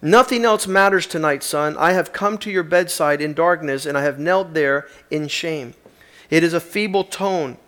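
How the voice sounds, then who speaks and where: A man's voice: on the high side, moderate pace, a bit bright. A man preaching a sermon, reading aloud with rising emphatic passion.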